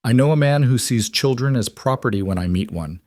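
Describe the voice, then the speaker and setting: A man's voice: mid-range voice, fairly quick, no echo, studio quality, pitched above the performer's own voice, lightly acted. A man voicing a determined young frontier woman who speaks steadily and defiantly. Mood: firm. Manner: steady, firm, quietly defiant.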